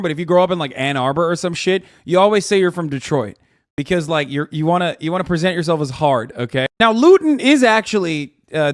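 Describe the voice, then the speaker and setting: A man's voice: a little high, no echo, clean studio sound. A man in his thirties streaming live, giving casual, profane, wisecracking reaction commentary.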